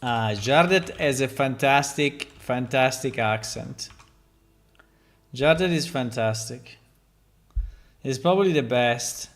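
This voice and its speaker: A man who develops a game, chatting casually and thinking aloud on a stream, amused and relaxed. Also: mid-range voice, slow, long pauses.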